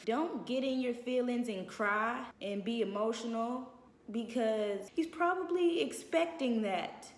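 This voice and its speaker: A woman's voice: on the high side, measured pace. A woman giving blunt, sassy life advice in a casual talk, laughing now and then, recorded in an echoey room. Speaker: advice vlogger. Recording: echoey room with long reverb.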